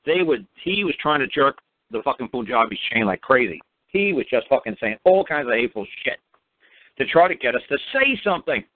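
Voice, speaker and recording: A man's voice: mid-range voice, sing-song, brisk. A man talking as a guest on a call-in show, telling a story in a blunt, emphatic and heavily profane way. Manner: emphatic, commanding. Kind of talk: casual call-in radio talk. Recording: dry tinny phone line.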